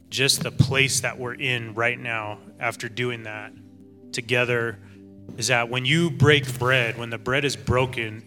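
A man's voice: medium pitch, pushed and bright. A man pastor giving an informal sermon, reflective, repeating phrases and checking in with the room. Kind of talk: informal sermon at a church dinner gathering.

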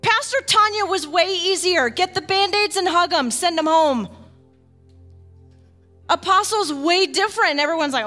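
Animated, bright-voiced woman preaching. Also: very high voice, soft background music. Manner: animated, rising excitement with rapid repeats; folksy, casual asides. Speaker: pastor. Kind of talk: sermon.

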